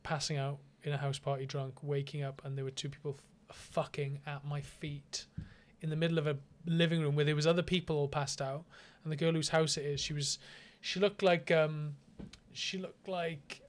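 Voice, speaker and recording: A man's voice: a little high, moderate pace, few pauses. A man, co-hosting a podcast and telling stories with lots of swearing and laughter. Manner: animated anecdote-telling, swearing, often laughing. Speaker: podcast co-host. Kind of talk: casual chat.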